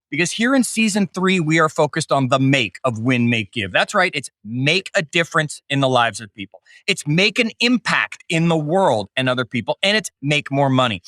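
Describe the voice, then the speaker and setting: A middle-aged Canadian man hosts a podcast, opening with a hyped, jokey intro before interviewing his guest in this upbeat show. His voice is on the high side, bright and forceful, in a dry, studio-quality recording.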